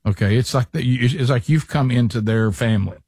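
A man's voice: medium pitch, brisk, darkish tone, husky, no room sound, studio quality. Rambling, chatty male radio host. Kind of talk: casual studio banter.

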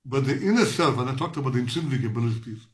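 Halting, reflective man in his sixties. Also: medium pitch, lively intonation. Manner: halting, many fillers and restarts, reflective. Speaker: guest, professor. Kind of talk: interview answer.

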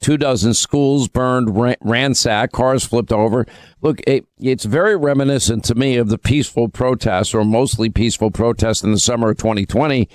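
A man's voice: mid-range voice, normal speed, a little mellow, no room sound. A man hosting a talk radio show, giving emphatic, opinionated commentary and taking calls.

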